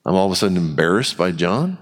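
A man's voice: low voice, big pitch swings, fast. A man preaching a sermon in a church, talking candidly and conversationally. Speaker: pastor. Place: church sanctuary. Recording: long hall reverb.

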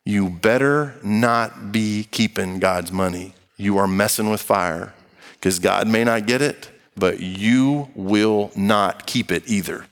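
A pastor preaches a sermon and reads scripture aloud in a slow, lowish voice, with a long reverb tail behind him. He speaks to the congregation emphatically yet conversationally, adding playful acted-out asides.

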